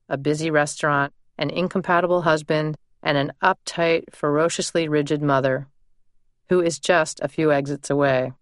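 A woman narrating her own memoir in a measured, deliberate first-person reading. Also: low-pitched, dry recording, clean studio sound.

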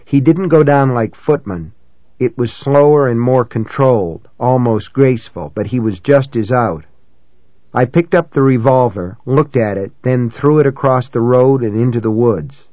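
A man reading a novel aloud in first person, in a measured, dramatic way that rises for shouted dialogue. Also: medium pitch, dry recording, highs cut off. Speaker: audiobook narrator. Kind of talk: scripted first-person narration.

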